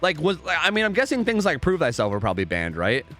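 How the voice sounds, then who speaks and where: A man's voice: on the high side, wildly swooping pitch, fast talker, fairly bright tone, soft background music. A young man casually commentating a game live on stream, rambling, repeating himself and swearing freely.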